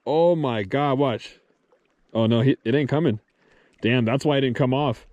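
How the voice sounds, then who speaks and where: A man vlogging his solo fishing trip outdoors, talking excitedly to the camera and the fish he catches, swearing casually as he films himself. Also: medium pitch, moderate pace, no room sound, muffled recording. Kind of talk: excited outdoor vlog commentary. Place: outdoors on a reservoir shore.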